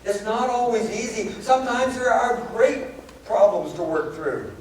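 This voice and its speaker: Man preaching in a booming, echoey church. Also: animated, a little slow. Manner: storytelling with rhetorical questions. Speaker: pastor. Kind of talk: sermon. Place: church sanctuary. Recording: very echoey church hall, far-off mic, background noise.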